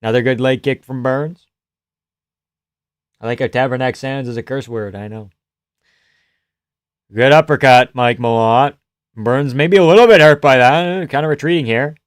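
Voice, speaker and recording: A man giving casual live reaction commentary on a fight, joking, swearing and laughing often, and breaking into loud reactions at big shots. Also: medium pitch, normal speed, pauses often, clean tone, dry recording, clean studio sound.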